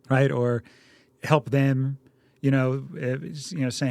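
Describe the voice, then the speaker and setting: Animated male co-host giving parenting advice. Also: mid-range voice, normal speed, no echo. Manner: acts out parent dialogue in animated quoted voices. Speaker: podcast co-host, doctor. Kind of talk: casual parenting advice chat.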